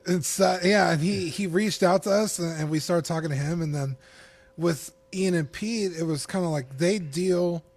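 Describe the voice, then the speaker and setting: A man talking casually as a podcast guest, telling stories in a chatty, animated way. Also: high-pitched, moderate pace. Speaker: podcast guest and network co-creator.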